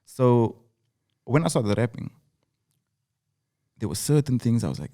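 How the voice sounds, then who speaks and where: A South African rapper with a Cape Town accent reflects on his story as an interview guest, speaking earnestly and driving points home with repeated phrases. His mid-range voice is mellow and very animated, yet unhurried.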